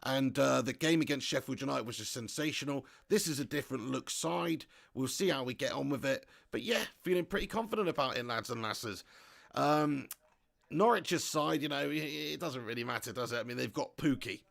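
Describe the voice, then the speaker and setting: A young man hosting a live football watch-along, reading viewer comments aloud and chatting excitably, laughing often and swearing casually. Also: mid-range voice, fairly quick, gravelly.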